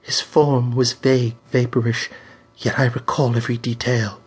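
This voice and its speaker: A man voicing a frail young woman stage psychic, frightened and haunted, speaking in high trembling shrieks and pleas in an audiobook. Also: level tone, normal speed, slightly rough. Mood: dazed. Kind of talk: audiobook character voice.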